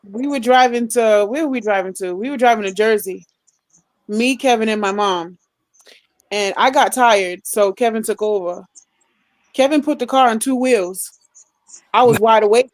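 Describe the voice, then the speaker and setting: A woman's voice: on the high side, moderate pace, pauses often, no echo. A woman guest in a casual podcast chat, telling a blunt story.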